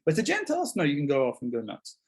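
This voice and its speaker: Husky-voiced man preaching a sermon. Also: fairly high pitch, fast. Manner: conversational, animated, acts out voices of biblical figures. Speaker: pastor. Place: church.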